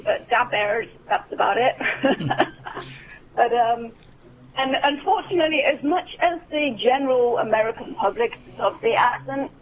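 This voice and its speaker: Gravelly English woman on a lo-fi call. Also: fairly high pitch. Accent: generic English. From England. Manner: chatty, frequent ums and restarts. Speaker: actor guest. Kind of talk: casual interview chat.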